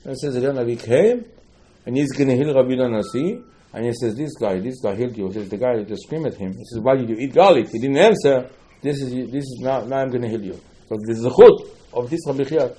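Guy teaching torah, mellow voice, tells talmud stories, repeats himself a lot. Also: medium pitch, fast. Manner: animated storyteller, repeats phrases, mixes Hebrew terms. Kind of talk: storytelling Torah class.

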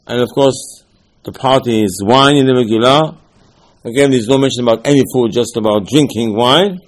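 A man's voice: medium pitch, fairly quick, poor audio. A man delivers an informal Torah lesson in a conversational way. He circles back on his points, restarts his sentences, and weaves Hebrew terms into his talk. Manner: conversational, repeats himself, frequent restarts and fillers; mixes Hebrew and Aramaic terms into speech.

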